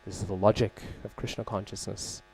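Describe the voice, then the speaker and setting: Male temple class speaker, fairly low voice with a warm, soft tone; casual storytelling lecture that keeps checking in with listeners. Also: level tone, fairly quick, creaky. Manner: conversational, frequent "right?" check-ins and fillers; openly searches for names and terms. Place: temple hall.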